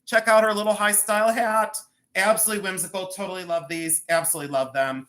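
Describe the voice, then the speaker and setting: A man hosting a live jewelry and art sale stream, talking in a chatty, excitable way with self-mocking banter from a room at home. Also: sits high, quick pace. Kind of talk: live-stream selling chat.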